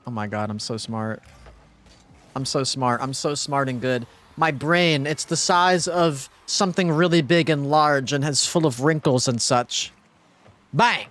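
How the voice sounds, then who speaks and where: Young man, game streamer, casual and sweary, quiet mutters, sudden frustrated outbursts. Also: medium pitch, unhurried. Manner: swings between muttered calm and frustrated outbursts; casual, swears, talks to chat and teammate. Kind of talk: live gameplay streaming commentary.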